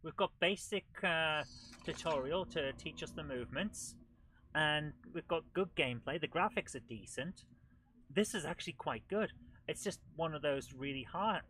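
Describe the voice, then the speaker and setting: A man with a raised, very bright and forceful voice, chatting his way through a game. His commentary is excitable and lively, full of quick exclamations. A faint hiss sits under the voice. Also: a little high, low-quality recording. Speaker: host of a retro gaming show. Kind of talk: live gameplay commentary.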